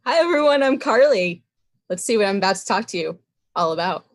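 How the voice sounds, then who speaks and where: A woman's voice: mid-range voice, lively intonation, a little fast, dry recording, clean studio sound. A woman giving an upbeat, bantering improvised comic presentation over a video call. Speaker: presenter in a slideshow game.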